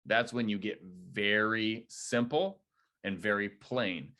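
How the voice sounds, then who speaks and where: A man leading a real estate agent training, coaching in a direct, energetic way. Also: fairly low pitch, measured pace. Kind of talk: training debrief talk.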